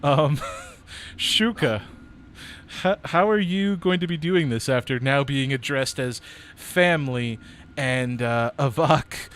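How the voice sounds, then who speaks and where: A man running a tabletop game as dungeon master, narrating in an animated, rambling way. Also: medium pitch, slow pace, slight background noise. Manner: rambling, animated, lots of fillers and laughs.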